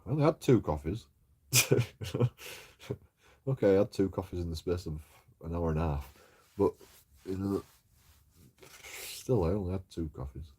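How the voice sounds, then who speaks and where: Man, sweary rambling rant, low-pitched, dark mellow tone. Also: normal speed, pauses often, husky. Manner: sweary, aggrieved, trails off into mumbles. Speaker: YouTube auditor vlogger. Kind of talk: rambling story-time rant.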